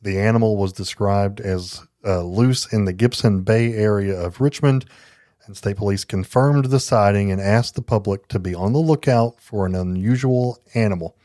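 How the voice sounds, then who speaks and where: Low-voiced guy co-hosting a podcast, jokey and casual, dry close mic. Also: moderate pace, dark tone, no room sound. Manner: playful, joking banter. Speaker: podcast co-host. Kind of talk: casual chat.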